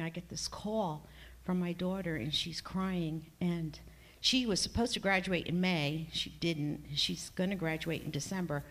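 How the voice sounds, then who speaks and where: A middle-aged woman sharing an emotional personal testimony in a church class, rambling and halting, with many fillers and restarts. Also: lowish voice. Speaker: class member giving a testimony.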